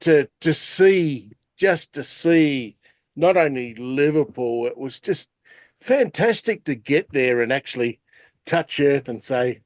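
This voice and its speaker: A man with an Australian accent co-hosts a podcast in casual chat, his slightly high voice expressive and slow-paced. He rambles, full of "you know" fillers, and there is no room sound.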